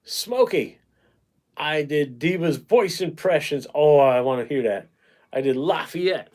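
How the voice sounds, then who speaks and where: A man's voice: a little high, animated, measured pace, darkish tone. A man hosting a painting livestream, chatting casually and rambling as he reads out viewer comments and answers them. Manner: talkative, chummy with viewers.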